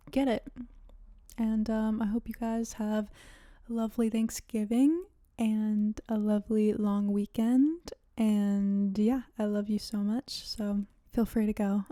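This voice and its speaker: A young woman in her twenties hosting a casual solo podcast, chatty and rambling, with lots of "like" fillers and soft laughs. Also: medium pitch, creaky, no room sound, clean studio sound. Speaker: podcast host.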